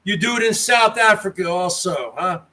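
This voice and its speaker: A man's voice: sits high, moderate pace, bright, forceful tone. An American man hosting a casual livestream, reading chat and taunting viewers by name. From United States. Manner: mocking, taunting, talks straight to chatters.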